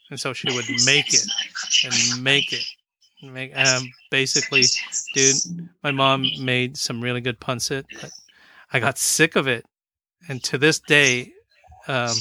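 A man chatting casually on a podcast about his mom's cooking, relaxed and using plenty of "dude" and "um". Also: medium pitch, no room sound. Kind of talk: casual storytelling chat.

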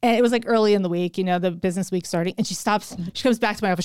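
Middle-aged female podcast co-host with a smooth, dry, close sound, telling a lively story. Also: medium pitch, rapid-fire, few pauses, dry recording. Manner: animated, laughing, acts out quoted lines. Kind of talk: casual storytelling chat.

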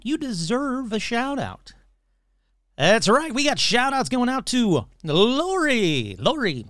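A man's voice: sits high, no room sound, clean studio sound. A man hosting his own podcast in a casual, playful solo chat, cheerfully rattling off names of listeners. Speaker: podcast host.

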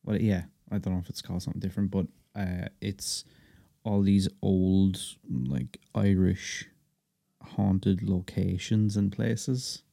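Low, gravelly podcast co-host. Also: male voice, unhurried, dark tone, dry recording, studio quality. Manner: loose, full of fillers and swearing. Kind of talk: casual chat.

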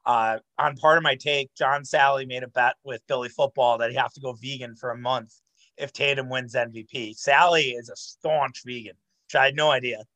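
A man with an ordinary mid-range voice, neither high nor low, co-hosting a podcast. He talks in loose, rambling casual chat, full of fillers and cheerful swearing. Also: steady tone, moderate pace, pushed and bright, low-quality recording. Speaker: podcast co-host.

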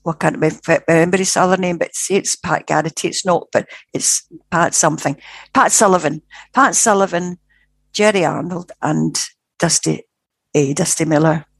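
A woman's voice: fairly low pitch, moderate pace, creaky, slightly rough, dry recording. A woman, older, earnestly retelling a spirit experience in casual talk, acting out what others said. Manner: earnest, animated retelling with acted quotes. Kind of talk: casual spoken storytelling.

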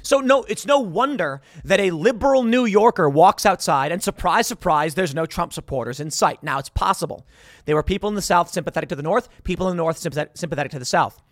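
A man's voice: high voice, fast talker, no room sound, clean studio sound. A man delivering an argumentative opinion monologue as a political commentator, reading out posts and reacting to them emphatically.

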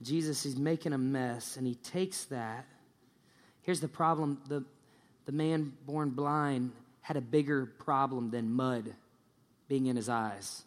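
A man's voice: medium pitch, slow. Man preaching in a reverberant hall. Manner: lively storytelling, acting out the people in the story. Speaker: pastor. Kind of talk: sermon. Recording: long church-hall reverb.

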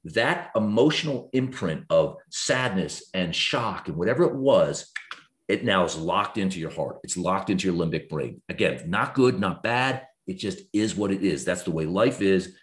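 A man in his fifties, a guest author, talking earnestly and reflectively in a podcast conversation. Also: normal speed. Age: 50s. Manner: earnest, reflective, lively swings in pitch when explaining.

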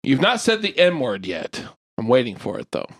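A man's voice: mid-range voice, huge pitch swings, normal speed, a bit bright, breathy edge. A man hosting a casual podcast with friends, joking and laughing a lot. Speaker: podcast host.

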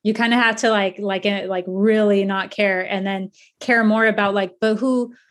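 A woman's voice: mid-range voice, steady tone, normal speed. A woman chatting casually in a mid-range voice, her sentences loose and full of "like" and "you know," with a swear word slipping in. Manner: loose, filler-heavy, swears. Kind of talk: casual conversation.

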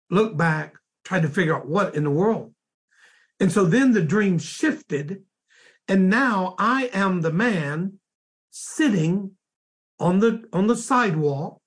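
A man, a minister, slowly recounting a dream in a sermon, halting and repeating words as he goes. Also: high voice, husky.

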